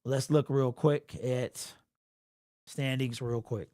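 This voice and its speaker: A young man hosts a casual livestream, rambling in slang, repeating himself and restarting, and he sounds emotional and sniffly. His mid-range voice is slow and mellow with fairly even intonation. The recording is dry and studio quality.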